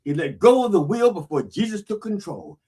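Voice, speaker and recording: A man's voice: high voice, sing-song, normal speed, mellow, husky. A man hosting a comedy show as a bawdy, preacherly reverend, with an American accent, often repeating "that's right.". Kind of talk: parody sermon.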